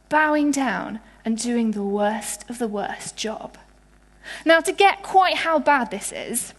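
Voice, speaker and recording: A young woman from England preaching with a high voice. She talks in a chatty, playful way, full of asides and vivid storytelling. Her voice carries a long echo, as in a large hall. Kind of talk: sermon. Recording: reverberant hall.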